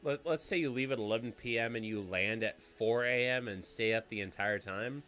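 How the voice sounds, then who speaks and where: A man's voice: medium pitch, brisk, fairly bright tone, soft background music. Joking man hosting trivia. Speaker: trivia host. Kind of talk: casual chat.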